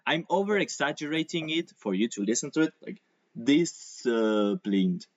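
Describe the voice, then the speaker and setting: A man's voice: on the high side, very animated, fairly quick. A man whose first language is Spanish teaches English on a video call, and his speech rises and falls a great deal. He explains patiently and stretches words to show the stress. The sound is dull and dry, with no room echo. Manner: patient, explains with examples and over-exaggerated pronunciation. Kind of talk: online English lesson.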